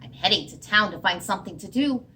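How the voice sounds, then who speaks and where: A woman voicing a small, determined hen that squawks with excitement, reading a storybook aloud. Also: medium pitch, quick pace, voice pushed down. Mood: excited.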